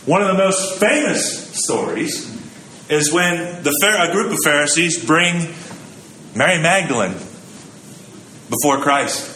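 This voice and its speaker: A man's voice: on the high side, animated, slow, pauses often, sharp tone, reverberant, slight background noise, poor audio. A man giving a sermon in a conversational, storytelling way, acting out the quotes he tells. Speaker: preacher.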